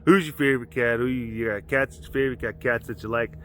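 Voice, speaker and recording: A man's voice: mid-range voice, steady tone, quick pace, fairly bright tone, slight background noise. A man hosting a casual vlog at an outdoor animal compound, chatting playfully and cooing baby talk at the cats. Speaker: host.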